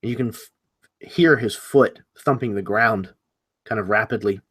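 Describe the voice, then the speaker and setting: A man's voice: lowish voice, normal speed, a bit bright, breathy edge. A man narrating a tabletop game as game master, describing actions with many hedges. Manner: descriptive, hedging.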